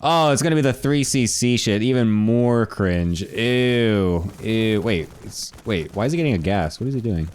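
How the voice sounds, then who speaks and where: A man's voice: medium pitch, expressive, fairly quick, hardly any pauses. A man casting an esports match in a laid-back, wry way, reacting to builds and plays. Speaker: esports caster. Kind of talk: casual game commentary.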